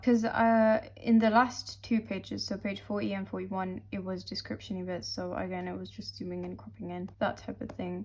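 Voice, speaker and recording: A woman's voice: medium pitch, creaky, darkish tone. A young woman talks through her drawing work in a loose, rambling vlog voice. She is playful, full of silly slang and offhand asides. She sounds a little tired and out of breath. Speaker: webcomic artist. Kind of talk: casual studio vlog.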